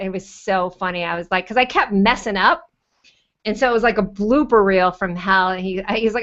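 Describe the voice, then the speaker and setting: A woman on a panel, chatty and rambling, telling animated stories over a video call. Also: medium pitch, brisk, lo-fi sound. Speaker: panelist and YouTube show host. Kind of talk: casual panel chat.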